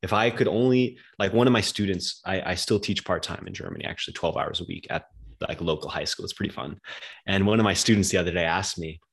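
A man's voice: low voice, fast, gravelly, slightly rough. A young man from the United States, talking casually and loosely as a podcast guest, with lots of slang. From United States, outside New York City.

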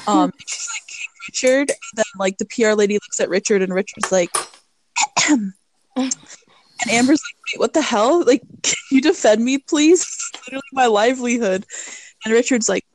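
A woman's voice: a little high, normal speed, slight background noise, low-quality recording. Chatty woman recapping a movie. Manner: chatty, lots of fillers and acted-out quotes. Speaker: podcast co-host.

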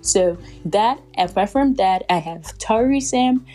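A woman's voice: mid-range voice, lively intonation, takes it slowly, a little mellow, soft background music. A young woman vlogger telling a personal story in a casual, rambling way, full of "like" and little laughs. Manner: rambling, heavy use of "like", laughs between phrases.

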